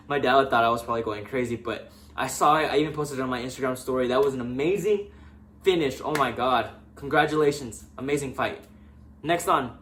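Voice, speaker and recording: A young man in a casual fight recap, excitable and speaking directly to the fighters he discusses. His voice sits at an ordinary middle pitch. A faint hiss of noise runs under the recording. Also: a little fast. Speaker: MMA fan vlogger.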